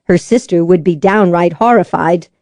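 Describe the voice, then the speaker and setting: Female audiobook narrator, measured and even; mellow voice, dry studio sound. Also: fairly low pitch, dry recording.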